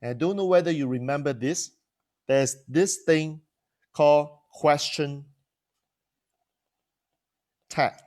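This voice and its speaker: A man with a fairly high, slightly mellow voice takes his time, pausing often as he teaches to camera. As a coach and trainer, he tends to restart phrases and throw in rhetorical questions.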